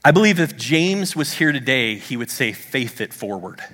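A middle-aged male pastor preaching a sermon in a church, telling a story with animated swings of voice. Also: mid-range voice, normal speed. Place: church sanctuary under stage lights. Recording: long hall reverb.

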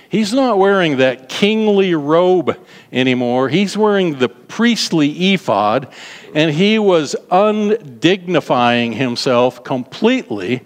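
A man preaching a sermon to a congregation, animated, repeating words for emphasis and prompting them to respond. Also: a little high. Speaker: pastor. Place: large hall. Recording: long reverb of a large hall.

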